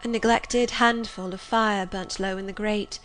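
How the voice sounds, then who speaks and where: A woman narrating a story in a measured, expressive reading style. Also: mid-range voice, faint music behind. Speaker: audiobook reader. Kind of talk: scripted narration.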